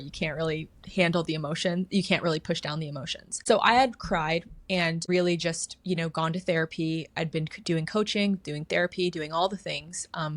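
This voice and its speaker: A woman's voice: lowish voice, dry recording. A thirty-year-old woman telling a personal story as a podcast guest, candid, full of "like" and casual swearing. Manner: candid, heavy use of "like", swears freely. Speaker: podcast guest, inner work coach.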